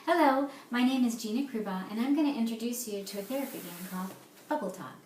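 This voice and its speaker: A woman giving an explanatory presentation as a therapist, reading jokes aloud with lively, playful emphasis. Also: on the high side, fast, roomy sound, background noise.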